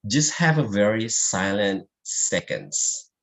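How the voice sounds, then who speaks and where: Slow-talking deep-voiced man teaching. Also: animated, fairly bright tone. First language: Indonesian. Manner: slow, explaining, non-native grammar. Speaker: public speaking teacher. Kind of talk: online class presentation.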